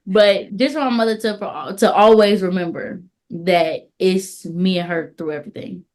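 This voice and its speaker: A young adult daughter answering interview questions, laughing lightly between phrases. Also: female voice, on the low side, fairly even intonation, normal speed, a little mellow. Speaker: guest, daughter.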